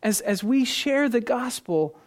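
Preacher mid-sermon; emphatic, shifts between punchy stresses and hushed asides, restarts phrases with repeated words. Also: medium pitch, lively intonation, unhurried. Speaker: pastor.

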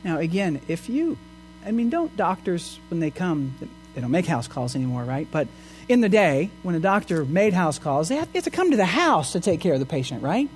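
A man's voice: fairly high pitch, very animated, a little fast, faint music behind. A man pastor preaching a sermon in an earnest way, asking his listeners questions. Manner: earnest, asks the congregation rhetorical questions.

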